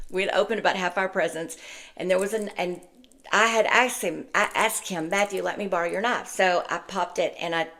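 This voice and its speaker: Bright-voiced older woman telling stories. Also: lowish voice, normal speed. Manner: animated storyteller, laughs often, acts out quotes loudly. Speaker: podcast host. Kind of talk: casual chat, storytelling.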